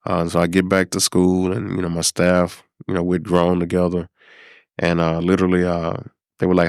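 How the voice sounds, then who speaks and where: Man, middle-aged, very deep voice, reflective, unhurried, frequent fillers, dry close recording. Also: completely flat delivery, clean tone, no echo. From South Dallas, Texas. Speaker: podcast guest, former high school principal. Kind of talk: personal storytelling in a conversation.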